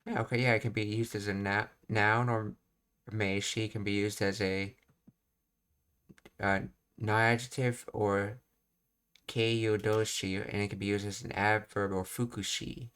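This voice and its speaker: Low, flat-voiced man explaining grammar. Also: a little slow, clear, resonant tone. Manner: thinks aloud with fillers, reads explanations. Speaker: language teacher. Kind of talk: casual language lesson.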